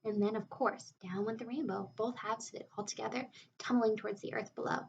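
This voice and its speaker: A woman narrating a children's novel aloud with expressive storytelling. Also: fairly high pitch, fairly quick, gravelly, far from the mic, lo-fi sound, a little hiss or hum. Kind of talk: audiobook reading of a children's novel.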